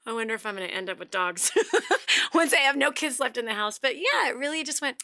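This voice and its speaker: A middle-aged woman hosting a motivational talk show, chatty and animated, laughing often as she talks. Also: fairly high pitch, a little fast. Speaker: radio show host.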